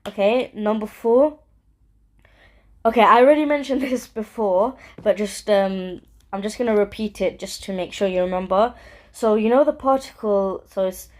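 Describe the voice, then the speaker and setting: A woman casually teaching Arabic phrases, chatty, repeating words with exaggerated question intonation. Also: medium pitch. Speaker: language teacher and gaming channel host.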